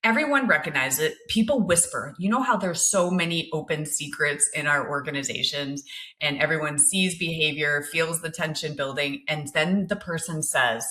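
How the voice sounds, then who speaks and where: A woman co-hosts a podcast in loose, casual chat. Her voice is bright and forceful, and she teases, laughs often and swears without hesitation. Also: low voice, moderate pace. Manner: teasing, laughing, swears freely. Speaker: podcast co-host.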